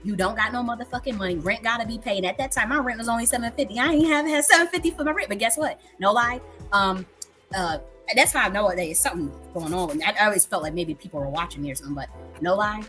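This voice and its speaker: A woman in her thirties hosts a casual livestream, telling a story candidly with frequent profanity and repetition for emphasis. She talks fast in a mid-range voice with a sharp tone, and soft music plays in the background.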